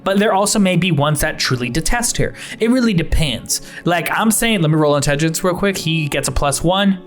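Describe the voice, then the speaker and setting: Young male game master, animated delivery, rambling and casual. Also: fairly high pitch, soft background music. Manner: rambling, many fillers, quick laughs. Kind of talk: narrating a tabletop game.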